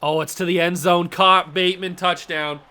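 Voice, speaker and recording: Excitable high-voiced male game commentator. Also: normal speed, clear, resonant tone. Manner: excitable, self-talking, swings between play-by-play and outbursts. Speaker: gaming channel host. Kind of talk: live football video game commentary.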